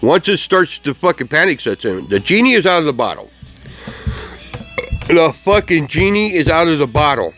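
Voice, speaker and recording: A man's voice: a little high, sing-song, normal speed, a bit bright, soft background music. A man ranting profanely in a vlog, mocking and laughing at what he sees as things breaking down. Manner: angry, mocking, laughs often, heavy swearing. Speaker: vlogger. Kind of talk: profane rant to camera.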